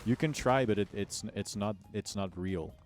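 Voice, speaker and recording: A man's voice: lowish voice, moderate pace, soft background music. Joking, swearing male game streamer. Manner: joking, swearing, laughing often. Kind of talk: casual gaming stream chat.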